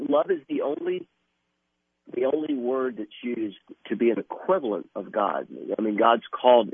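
Earnest husky man on a phone line. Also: medium pitch, no room sound. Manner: earnest, halting with many restarts and fillers. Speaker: guest from an evangelistic ministry. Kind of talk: radio interview.

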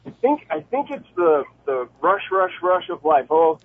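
Male caller in his forties, animated and friendly, slightly raised pitch, heard over a phone line. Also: moderate pace. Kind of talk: casual call-in story. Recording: husky tinny phone line.

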